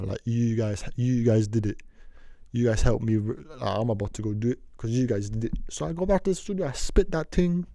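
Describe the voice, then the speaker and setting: Mellow young man rambling through a story. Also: on the low side, vocal fry, dry recording, studio quality. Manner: slangy, meandering, repeats himself. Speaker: vlogger telling a story.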